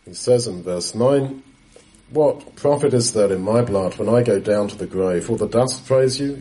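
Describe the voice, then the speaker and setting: A man giving an unhurried Bible teaching talk, explaining passages and quoting scripture as he goes. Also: fairly low pitch, dark tone, rough recording. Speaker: preacher.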